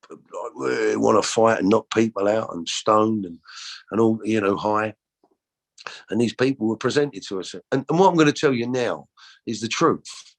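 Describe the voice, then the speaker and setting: Rambling man, low voice. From London. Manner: rambling and earnest, many restarts and repeated words. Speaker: show host telling his life story. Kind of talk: personal testimony.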